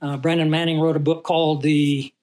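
A man's voice: a little high, level tone, fairly quick, a little mellow. A man teaching a Bible study, who reads scripture aloud and puts questions to his class.

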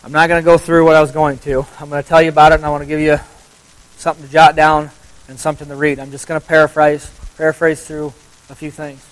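A man's voice: a little high, flat delivery, fast talker, low-quality recording. A man giving a motivational Bible talk to a group, speaking conversationally, quizzing the audience and repeating phrases for emphasis. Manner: conversational, asks the audience questions.

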